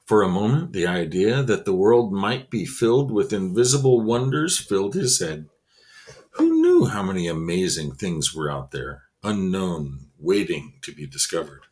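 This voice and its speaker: A man's voice: sits low, sing-song, moderate pace, a little mellow. A man reading a children's novel aloud expressively, adding casual asides. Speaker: reader.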